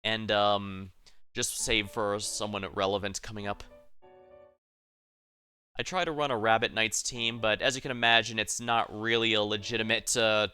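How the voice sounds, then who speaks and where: A man's voice: on the low side, pushed and bright, smooth. A man streaming a game, chatting casually in a rambling, self-correcting way full of asides. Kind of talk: casual gameplay commentary.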